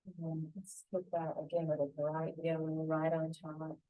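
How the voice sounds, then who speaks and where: A woman teaching a painting tutorial, talking calmly and gently through each brushstroke. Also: deep voice, normal speed, no echo, phone-quality sound. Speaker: painting instructor.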